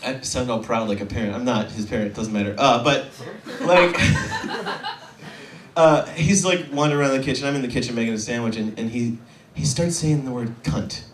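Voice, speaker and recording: A man's voice: mid-range voice, recorded from a distance. A young man in his twenties working through a stand-up set, rambling and poking fun at himself, often stalling on little fillers. His voice sits in an ordinary middle range and carries a roomy echo, picked up from some way off the mic. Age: 20s. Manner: rambling, self-deprecating, halting with fillers. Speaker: stand-up comedian.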